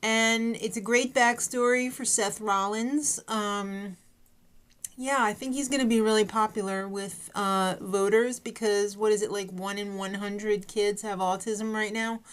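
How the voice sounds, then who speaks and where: A woman's voice: medium pitch, fairly even intonation, a little slow, clear, resonant tone. A woman chatting casually through a TV show recap, with sarcastic asides and plenty of fillers. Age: adult parent. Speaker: recap vlogger.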